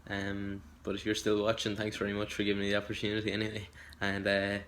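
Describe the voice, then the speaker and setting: Hesitant young Irish man, flat low voice. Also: fast, a little hiss or hum. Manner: hesitant and rambling, self-deprecating. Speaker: acting hopeful. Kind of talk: self-introduction audition video.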